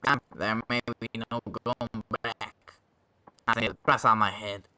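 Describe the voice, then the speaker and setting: A man voicing an excitable man on the run who keeps calling his listener boy, in a raised, pleading voice. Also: on the low side, a little slow, slight background noise. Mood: eager. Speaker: game character voiced by a player.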